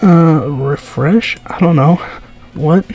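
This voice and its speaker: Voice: mid-range voice, extremely slow, darkish tone, breathy edge, soft background music. A streamer reading a text game aloud, giggling often, stumbling over words and asking confused asides.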